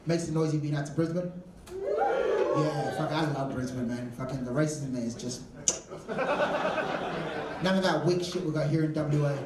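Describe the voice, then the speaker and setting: A male stand-up comic tells crude, cussing stories in a somewhat high voice, stumbling over his words and restarting often. The sound comes from a distance in a roomy club, and audience laughter can be heard behind him. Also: big pitch swings, normal speed, long pauses, very noisy. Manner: crude, profane storytelling with stammered restarts. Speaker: stand-up comedian and show MC. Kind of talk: live stand-up set. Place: comedy club stage.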